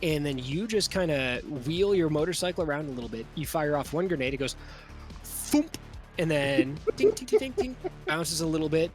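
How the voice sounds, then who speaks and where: A man's voice: a little high, fairly quick, few pauses, soft background music. A man as game master, narrating a tabletop game in a casual, vivid, profane way.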